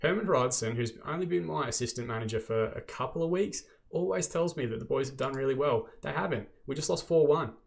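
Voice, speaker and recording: Australian man, game host, play-by-play football commentary, exasperated and self-mocking, mid pitch. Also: lively intonation, fairly quick, creaky, few pauses.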